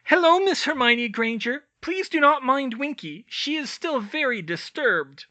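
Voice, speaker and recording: A man's voice: very high voice, animated, measured pace, pushed and bright, no room sound, dull audio, pitched above the performer's own voice, full character voice. Tilly: a man voicing a stern, polite elf woman. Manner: stern, formal broken grammar.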